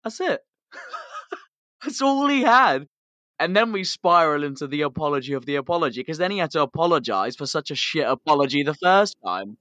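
A British man co-hosting a casual podcast, telling a story in an animated way with swearing and laughs. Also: a little high, moderate pace, no room sound. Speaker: podcast co-host.

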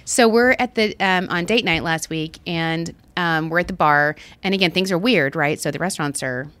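Female podcast co-host, casual storyteller, lower voice, dry close sound. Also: moderate pace, a bit bright, no echo. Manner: chatty storyteller, bursts into sung lines. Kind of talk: casual chat.

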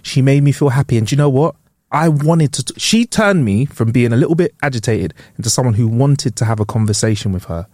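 A man's voice: mid-range voice, expressive, fairly quick, darkish tone, no echo. Man from the UK, laid-back podcast banter, slang, laughs a lot, dry close mic. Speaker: podcast co-host. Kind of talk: casual podcast chat.

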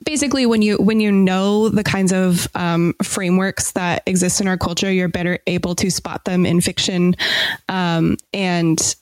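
A young adult woman, a podcast guest, explaining her show in a thoughtful, casual way with many pauses and small laughs at herself. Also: lowish voice, fairly even intonation, darkish tone, dry recording. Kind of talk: casual interview talk.

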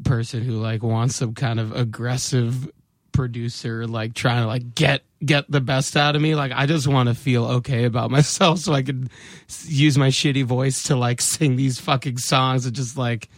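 A man's voice: mid-range voice, fairly even intonation, normal speed, no echo, studio quality. A man with a smoky, laid-back stoner voice, chatting casually on a podcast and laughing often. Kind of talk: casual chat.

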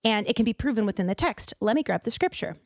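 A woman from Boston hosting a casual podcast, chatty and animated, full of fillers and quick asides. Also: a little high, no room sound, studio quality. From Boston, USA. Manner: chatty and animated, with lots of fillers and side remarks. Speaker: podcast host.

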